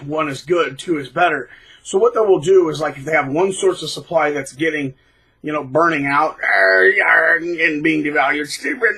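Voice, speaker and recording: A man hosting his own channel, talking bluntly and casually, mocking people by acting out quotes in shrill put-on voices. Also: bright, forceful tone, breathy edge, poor audio. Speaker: channel host. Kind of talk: casual monologue.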